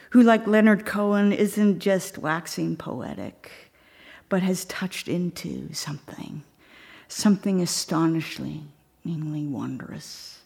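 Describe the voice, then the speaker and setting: A woman's voice: on the low side, gravelly, darkish tone, slightly rough. A woman preaching a reflective sermon, telling a story and sometimes dropping to a near whisper. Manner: reflective, slows and drops to a near whisper at times.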